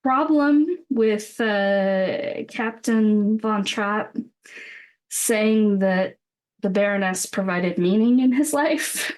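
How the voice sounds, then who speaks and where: A woman's voice: mid-range voice, drawn-out words. A woman co-hosting a podcast in casual chat, joking, swearing freely and laughing often. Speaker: podcast co-host.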